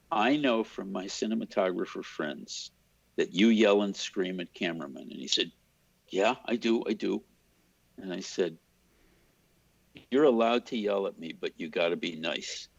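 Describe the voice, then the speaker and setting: An older cinematographer, a guest in an interview, tells animated stories and imitates the voices of the people he quotes. His low voice is a little slow, creaky and breathy-edged, with long pauses. The lo-fi recording sounds dull, with no room sound.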